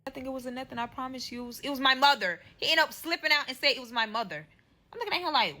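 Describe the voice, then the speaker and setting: A woman's voice: high voice, lively intonation, very fast, pushed and bright. A young woman telling a story time vlog, profane and emphatic, acting out quotes. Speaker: storyteller in a clip.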